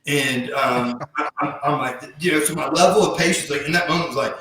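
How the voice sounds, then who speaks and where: A man's voice: on the high side, crowd noise. Earnest man in a very echoey room. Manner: heartfelt, reflective, often slows down for emphasis. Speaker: podcast guest. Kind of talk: earnest personal storytelling.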